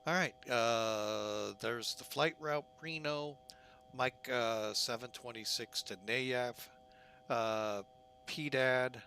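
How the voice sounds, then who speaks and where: An unhurried man chats through his flight sim setup in a bright, forceful voice, joking and teasing himself along the way. A faint hum sits under his casual commentary. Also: mid-range voice, gravelly. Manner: chatty, jokey, self-mocking. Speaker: flight simulator streamer.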